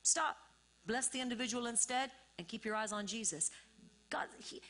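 A woman's voice: on the high side, expressive, moderate pace, fairly bright tone. A woman pastor preaching a sermon, repeating phrases and building to emphatic, rising bursts.

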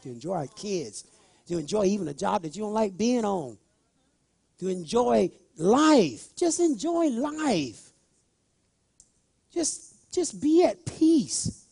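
A male preacher delivering a sermon, repeating phrases and rising into loud emphatic bursts as he speaks straight to the congregation. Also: high voice, big pitch swings, measured pace, creaky, slightly rough, dry recording. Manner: talks directly to the congregation.

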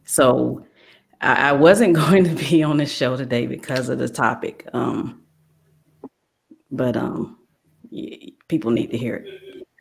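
A middle-aged woman co-host, speaking haltingly and emotionally with many restarts. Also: rumbling low, steady tone, gravelly. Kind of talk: talk show chat.

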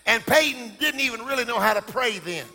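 A man preaching a sermon, shouting and singing his lines in call and response with the congregation. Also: extremely high pitch, animated, a little fast. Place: church sanctuary. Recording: echoey church hall with music. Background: music.

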